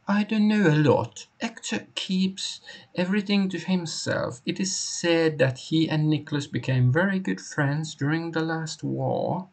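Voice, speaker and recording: A man's voice: a little high, unhurried, creaky, voice pushed up. A man reading aloud the on-screen lines of a game character in a raised voice. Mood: informative. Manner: reads on-screen dialogue aloud.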